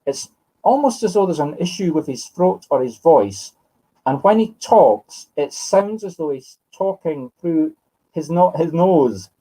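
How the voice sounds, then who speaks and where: A man's voice: a little high, lively intonation, a little slow, dark tone, rough recording. A Scottish man in his fifties giving live spiritual readings, musing aloud and correcting himself as he addresses sitters by name. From Scotland. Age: 50s. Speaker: medium.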